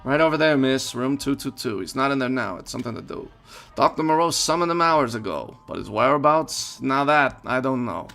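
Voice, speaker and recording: A man's voice: mid-range voice, lively intonation, brisk, vocal fry, a bit bright, soft background music. A man voicing a stern male robot desk guard who speaks in rhyming couplets, in a game. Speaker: game developer.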